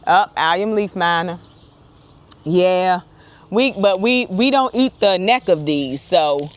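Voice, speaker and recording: A woman who runs an urban homesteading channel walks viewers through an outdoor garden harvest in a casual vlog, speaking slowly in a voice a bit low for a woman. She's chatty and excitable, often calling her audience "y'all," and she's recorded on a wireless clip-on mic.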